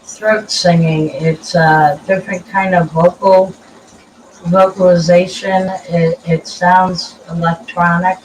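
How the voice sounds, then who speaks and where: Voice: medium pitch, little pitch movement, slow pace, recorded from a distance, a little hiss or hum, rough recording. A panel guest chatting casually and matter-of-factly, often trailing off and restarting. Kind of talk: casual chat.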